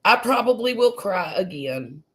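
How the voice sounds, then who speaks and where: In a home room, a woman from the US Gulf Coast runs a chatty, homey live stream. Her mid-range voice is very animated yet a little slow, and she laughs easily and tails off into fillers.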